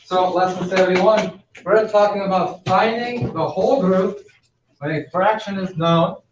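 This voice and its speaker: A male teacher leads a math lesson, pacing his words slowly whenever he spells out a step. His voice sits a little high, and it sounds distant and muffled. The classroom around him rings with echo. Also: background noise. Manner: instructive, slows down to spell out steps. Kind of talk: classroom instruction. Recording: echoey, distant, dull classroom recording.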